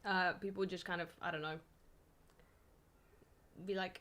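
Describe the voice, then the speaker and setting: A woman's voice: on the low side, steady tone, moderate pace, pauses often, pushed and bright. A woman from Poland streaming from home, chatting loosely with her viewers, full of fillers, swearing and easy laughs. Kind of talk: casual chat answering viewer questions.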